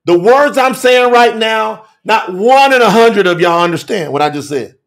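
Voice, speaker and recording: Speaking at a normal speed in a high, animated voice, a man teaches scripture to a telethon audience. His preaching is fiery and forceful, with repeated phrases and occasional shouts.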